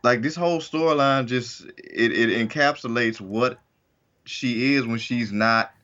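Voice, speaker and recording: A man's voice: medium pitch, a little slow, fairly bright tone. A man co-hosting a wrestling podcast in casual chat, rambling and restarting often as he works through his points. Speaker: podcast co-host. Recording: dull lo-fi recording.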